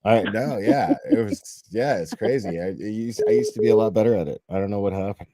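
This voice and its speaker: Teasing call-in show host. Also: male voice, lowish voice, very animated, a little fast, vocal fry, mellow. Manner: joking, teasing, swears casually. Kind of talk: casual call-in chat.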